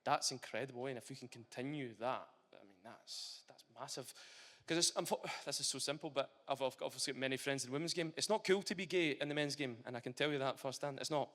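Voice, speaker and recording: A man's voice: mid-range voice, quick pace, few pauses. A young Scottish man, a retired footballer, chatting animatedly in a casual interview at a live event. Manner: animated and chatty, with frequent restarts. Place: large hall at a live event. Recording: long hall reverb.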